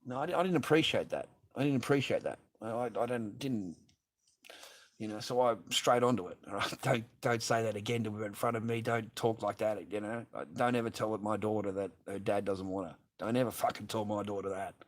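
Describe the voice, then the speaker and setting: A man's voice: on the low side, fairly even intonation, fairly quick. A man, ranting profanely and repetitively in a livestream monologue from his garage.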